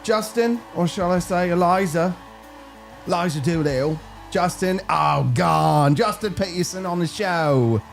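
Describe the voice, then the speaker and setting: Male talk show host, playful and relaxed, with faint music under the talk. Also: high voice, a little slow, gravelly. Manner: playful, joking. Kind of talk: casual talk show chat.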